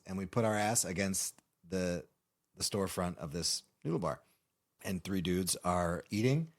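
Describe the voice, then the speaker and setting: Male podcast guest, lower register, animated raconteur who acts out voices. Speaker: guest actor. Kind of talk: casual storytelling.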